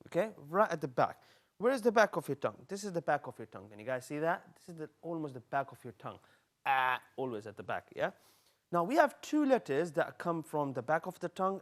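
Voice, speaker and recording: A young man teaching children on a live TV lesson, coaxing them through slow, exaggerated sound drills. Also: a little high. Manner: lively, coaxing, speaks directly to kids.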